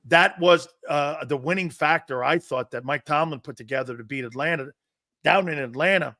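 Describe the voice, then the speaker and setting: A man hosts a sports talk show, pressing his guest with pointed questions and quoting numbers. His voice is high and bright, and it sounds close and dry, with no room echo. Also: normal speed. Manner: asks pointed questions, cites stats. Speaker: show host.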